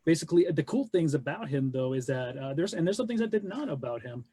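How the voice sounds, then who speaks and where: A man co-hosting a casual live webcast, talking haltingly with many restarts. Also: on the high side, animated, mellow, husky, no room sound. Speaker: co-host.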